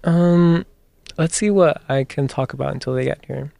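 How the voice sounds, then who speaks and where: A man's voice: fairly high pitch, moderate pace, vocal fry, warm tone, no room sound. A young man filling in as a college radio host, out of breath, chatty and rambling, laughing often. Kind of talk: casual radio chat. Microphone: studio microphone with headphones.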